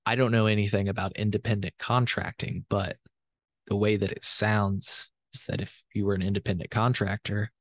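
A man's voice: fairly low pitch, flat delivery, normal speed, no echo. A man hosting a podcast interview, talking in a rambling, hedging way and correcting himself as he goes. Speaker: podcast host. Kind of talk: conversational interview and recorded aside.

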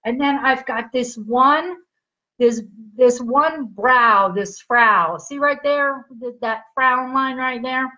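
High-voiced chatty woman livestreaming. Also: slow, sharp tone. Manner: chatty, giggly, checks in with viewers constantly. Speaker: livestream host demonstrating skincare patches. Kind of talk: casual live product demo. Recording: dull lo-fi livestream audio.

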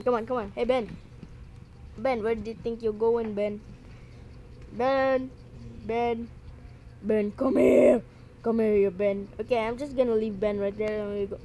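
A woman's voice: on the high side, a little mellow, slight background noise. A woman commentating her game play in a playful way, repeating lines and yelping out now and then. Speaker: gaming channel host.

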